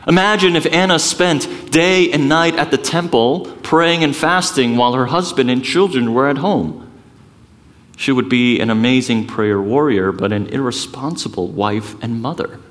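Self-mocking pastor preaching in a reverberant hall. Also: male voice, mid-range voice. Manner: conversational and self-mocking, with lively emphasis and frequent asides. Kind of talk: sermon. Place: church sanctuary.

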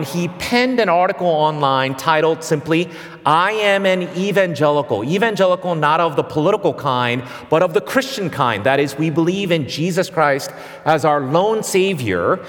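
A male pastor, giving an earnest, measured sermon with pauses and small restarts. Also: fairly high pitch. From immigrant who came to the US at nine. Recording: hall reverb.

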